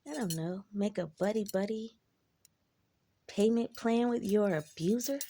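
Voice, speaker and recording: A woman's voice: mid-range voice, a little slow, warm tone, slight background noise. A woman in a casual monologue, talking bluntly and with plenty of profanity as she reflects on her own life. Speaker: vlogger.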